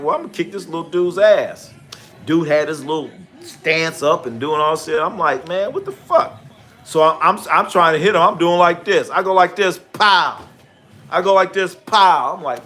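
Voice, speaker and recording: A man hosting a live sports stream, chatting casually and profanely, telling stories and reading out chat names. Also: fairly high pitch. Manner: animated when acting out stories. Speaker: livestream sports host. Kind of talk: casual live commentary and storytelling.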